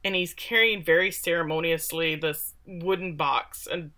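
A woman from Texas co-hosting a podcast, giving a sarcastic, animated recap of a show and acting out the quotes. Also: lowish voice, moderate pace. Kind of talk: casual chat.

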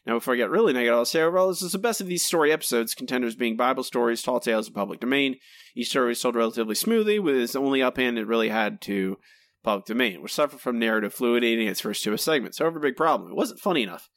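A man's voice: medium pitch, expressive, very fast, fairly bright tone, no room sound, studio quality. A man co-hosting a podcast, giving a candid, critical spoken review in casual chat, hesitant when unsure. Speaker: podcast co-host, episode reviewer.

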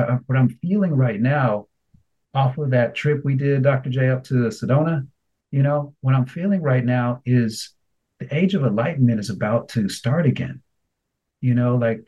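A middle-aged man co-hosting a radio talk show, chatting and telling animated stories, sometimes slipping into a grandfatherly voice. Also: mid-range voice, breathy edge, rough recording. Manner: animated storyteller, slips into a warm grandfatherly voice. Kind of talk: casual chat.

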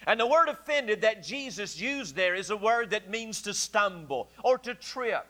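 A man pastor preaching a sermon in a church, acting out quoted voices with emphatic pauses. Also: high voice, lively intonation, bright, forceful tone. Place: church sanctuary.

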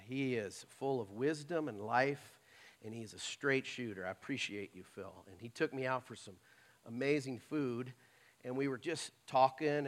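A middle-aged man preaching from the pulpit in an earnest, personal way. His voice sits at an ordinary male pitch, and he talks plainly, as if to friends in the pews. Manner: earnest, personal, emotional at times, plain-spoken. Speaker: pastor. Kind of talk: sermon.

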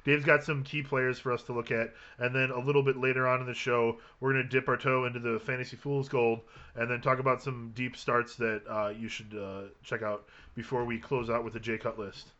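A man's voice: mid-range voice, little pitch movement, brisk, pushed and bright, muffled recording. A man hosting a casual sports podcast, with a dry, joking way of talking. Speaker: host of a fantasy football podcast. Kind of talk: casual chat.

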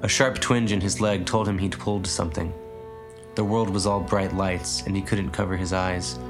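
A man narrating an audiobook story in a measured, even way. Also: deep voice, over music. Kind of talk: audiobook reading.

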